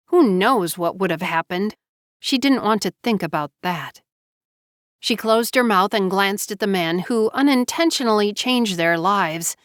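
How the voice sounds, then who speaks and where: A woman narrating a family saga audiobook in a measured storytelling delivery. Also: mid-range voice, fairly bright tone, smooth, dry recording, clean studio sound.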